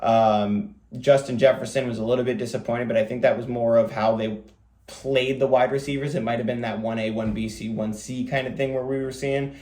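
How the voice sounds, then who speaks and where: A man hosting a fantasy football show, talking quickly in a casual, rambling way with lots of fillers. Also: medium pitch, steady tone, a little mellow, reverberant. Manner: rapid, rambling delivery with many fillers. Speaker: fantasy football podcast host. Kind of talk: casual solo commentary.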